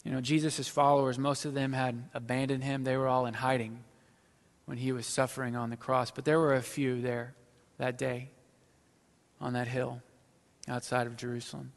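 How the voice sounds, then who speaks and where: A man preaching a sermon, reading scripture aloud and then speaking with slow, emphatic pauses that drop to a hush. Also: medium pitch, flat delivery. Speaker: pastor. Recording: long hall reverb.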